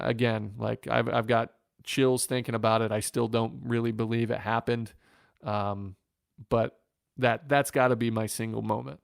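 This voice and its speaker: A man from Northwest Ohio, a former pitcher, telling an earnest story in an interview with many restarts. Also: vocal fry, clean tone, no echo, studio quality. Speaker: former pro pitcher, podcast guest.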